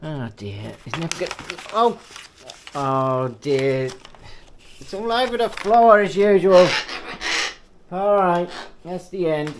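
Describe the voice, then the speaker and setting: A man's voice: high-pitched, lively intonation, slow pace, long pauses, a little hiss or hum. Sing-song man cooing at his bird. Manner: playful sing-song baby talk, coos and cheers at the bird. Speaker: pet owner and channel host. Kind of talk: casual vlog talk to his pet cockatoo.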